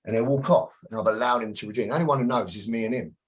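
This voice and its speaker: A man's voice: medium pitch, very fast, poor audio. A middle-aged man, a self-protection instructor telling blunt, profane stories as a podcast guest. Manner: blunt, profane, acts out confrontations. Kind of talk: casual interview storytelling.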